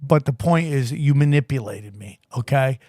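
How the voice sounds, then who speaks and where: A man hosting a podcast, telling a story in casual chat and acting out the people in it with big, loud swings. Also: normal speed, no echo, clean studio sound. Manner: animated, rises high and loud acting out quotes. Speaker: podcast host.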